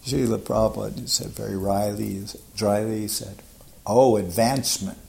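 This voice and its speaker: An older man, a devotee, casually reminisces about his teacher, rambling, laughing, and mimicking other people. His voice is fairly low, creaky, and darkish, with little pitch movement and a normal speed.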